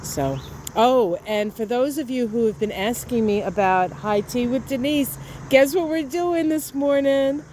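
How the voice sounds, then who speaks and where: A woman's voice: fairly high pitch, a little slow, a little mellow, a little hiss or hum. A woman vlogging casually to camera outdoors in her garden, chatty and enthusiastic, often trailing off with fillers. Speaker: astrology vlogger.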